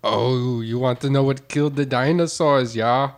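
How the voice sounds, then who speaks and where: A man playing a sleazy male sex-line operator with a low, sultry purr. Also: flat delivery, a little slow. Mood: cocky. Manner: husky sultry purr, failing at accents. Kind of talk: comedy sketch.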